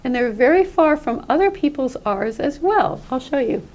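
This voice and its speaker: High-voiced woman teaching pronunciation. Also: lively intonation, normal speed, a little mellow. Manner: friendly, explanatory, models sounds aloud. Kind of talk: classroom-style explanation.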